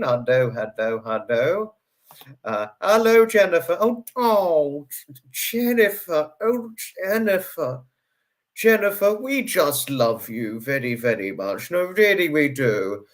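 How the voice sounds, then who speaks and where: A livestream host greets his viewers effusively, repeating his hellos again and again. His slightly bright voice has lively intonation that swings sharply up and down, delivered at a measured pace.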